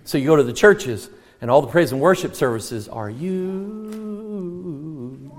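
A man preaching a sermon, emphatic, asking rhetorical questions and rising to near shouts. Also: fairly high pitch, animated, takes it slowly. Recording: long reverb of a large hall.

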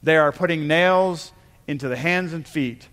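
A man preaches a sermon to his congregation in a fairly high voice, earnest and emphatic. He pauses and restarts as he builds each point. The sound rings out with the long reverb of a church hall. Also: fairly bright tone. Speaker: pastor. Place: church sanctuary.

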